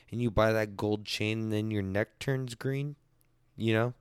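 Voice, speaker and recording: A man's voice: lowish voice, steady tone, measured pace, clean tone, dry recording, studio quality. A man hosting a casual chat stream, rambling, crude and joking as he answers viewers.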